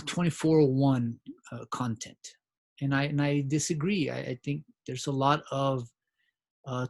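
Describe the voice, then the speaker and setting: A man's voice: a little high, creaky. A man teaching a biology review lecture in a conversational way, often checking in with his students and restarting his phrases. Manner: conversational, frequent "right?" check-ins and restarts. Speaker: biology instructor. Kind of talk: recorded lecture.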